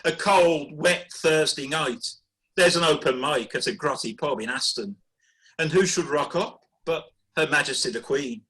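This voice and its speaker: A man reading comic rhyming poetry in a deadpan, wry way over a video call. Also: a little high, normal speed, low-quality recording. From Birmingham, England. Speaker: performance poet.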